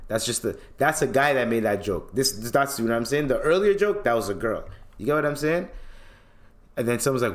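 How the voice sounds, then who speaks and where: A man's voice: mid-range voice, expressive, a little fast. A man with a Toronto accent hosting a podcast, ranting bluntly and profanely while reacting to social media posts. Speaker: podcast host. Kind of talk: casual ranting commentary.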